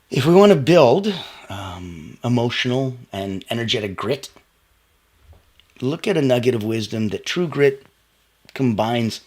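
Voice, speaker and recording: A man giving a motivational talk, coaching listeners directly in an emphatic, animated way. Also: mid-range voice. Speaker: motivational speaker.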